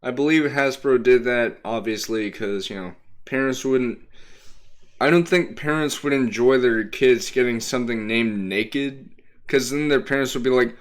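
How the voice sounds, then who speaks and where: A man's voice: mid-range voice, normal speed. A young man streaming casually, explaining toys he shows to the camera in a rambling, hesitant way full of ums. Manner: explains toys while showing them to the camera. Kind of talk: casual livestream chat.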